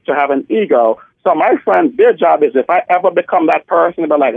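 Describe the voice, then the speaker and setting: A man in his 40s, a drag queen guest on a casual phone interview, speaks in a high, animated, slightly fast voice that's gravelly with a breathy edge and few pauses. He's sassy and theatrical, calling people honey and darling. The telephone audio sounds tinny and dry, with no room sound.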